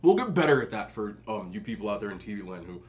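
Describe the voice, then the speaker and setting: The speaker is a young man doing a mukbang, chatting through stories while eating with his mouth full. He talks fast, in a lowish and very animated voice, keeping it casual.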